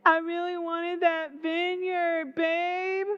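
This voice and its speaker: A woman's voice: very high-pitched, little pitch movement, slow pace, pitched above the performer's own voice. A woman voicing a spoiled, sulky king who whines and coos sweetly, in a dull lo-fi recording. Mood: whiny. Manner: whiny, pleading, sugary. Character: spoiled whiny king, grown man, sulky.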